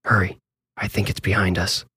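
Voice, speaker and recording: A man voicing a brave priest who speaks steadily and urgently in a dark basement. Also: fairly quick, close to an everyday voice. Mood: hushed. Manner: steady, low, urgent under threat. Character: calm, brave middle-aged male priest.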